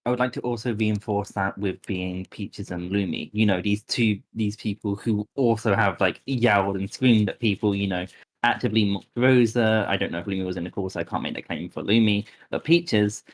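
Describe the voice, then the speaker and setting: A man's voice: fairly low pitch, brisk. A man co-hosting a commentary stream, ranting indignantly. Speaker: stream co-host.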